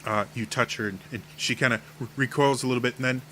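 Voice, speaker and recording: A man's voice: medium pitch, steady tone, quick pace, pushed and bright, slight background noise. A man narrating a tabletop game as game master, stammering often on the first sounds of words.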